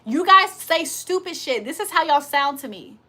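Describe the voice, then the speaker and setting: A woman's voice: high-pitched, animated, normal speed, sharp tone. A woman hosting a casual livestream, talking bluntly and confrontationally with plenty of profanity. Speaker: livestream host.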